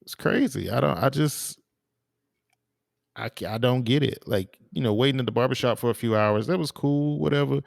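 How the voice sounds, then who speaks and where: A man co-hosts a podcast, chatting casually and telling rambling stories full of fillers and restarts. His voice is medium-pitched with vocal fry, at a normal speed. The recording is dry, with a clean studio sound.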